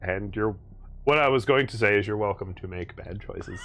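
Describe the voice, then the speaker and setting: A man's voice: fairly low pitch, moderate pace, fairly bright tone. Laid-back man hosting a stream. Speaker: stream host. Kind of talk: casual livestream chat, reading chat aloud.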